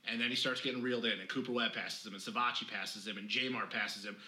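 Fast, emphatic man talking racing. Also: on the low side, fairly even intonation, pushed and bright, echoey room, low-quality recording. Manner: fast, emphatic, swears freely. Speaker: podcast co-host. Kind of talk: casual motocross chat.

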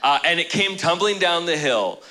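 A man's voice: a little high, expressive, moderate pace, pushed and bright, low-quality recording. A male pastor preaching a sermon in a joking, conversational storytelling way.

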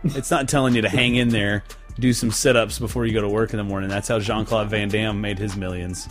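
A man's voice: fairly low pitch, steady tone, brisk, faint music behind. A young man hosting a podcast, chatting casually in a rambling, profane, joking way. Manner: rambling, profane, jokey storyteller. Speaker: podcast host.

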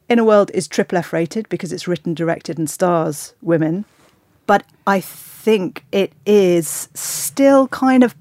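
A woman's voice: fairly low pitch, a little mellow, dry recording, clean studio sound. A woman hosting a casual chat about films, enthusiastic and opinionated. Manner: enthusiastic, opinionated, quick to act out quotes. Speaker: podcast host discussing films.

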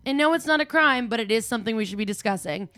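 A woman with a somewhat high voice tears through a scripted comedic rant. She sounds brash, profane and cutting. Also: lively intonation, fast, a bit bright, dry recording. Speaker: resident commentator.

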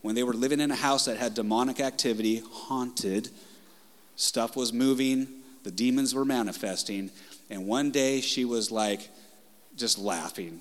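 Brief: man preaching in a church sanctuary, mid pitch, heard with long hall reverb. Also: normal speed. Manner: passionate, conversational, swings loud and soft. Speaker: pastor. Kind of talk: sermon.

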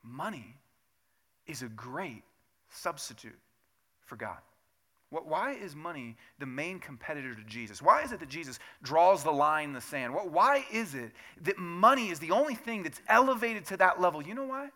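A man preaching a sermon as pastor, talking to the congregation in a conversational way, asking rhetorical questions and building to loud, emphatic peaks. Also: on the high side, big pitch swings, moderate pace. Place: church sanctuary.

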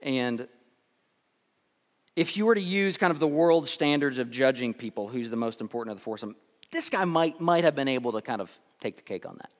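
A man's voice: mid-range voice, expressive, a little fast. A male pastor giving a conversational sermon, telling stories and often restarting and repeating his words. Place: church sanctuary. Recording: long reverb.

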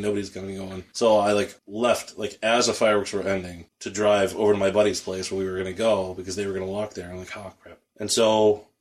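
A man co-hosting a podcast, telling a story in casual chat, swearing freely and acting out what people said. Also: on the low side. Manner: profane, animated storyteller who acts out quotes. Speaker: podcast co-host.

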